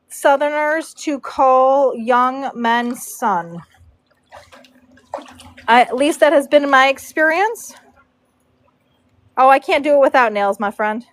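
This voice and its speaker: A woman's voice: sits high, lively intonation, takes it slowly, long pauses, fairly bright tone, no echo. A woman hosting a casual livestream, chatty, reading and answering viewer comments while she works. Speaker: livestreaming horse braider.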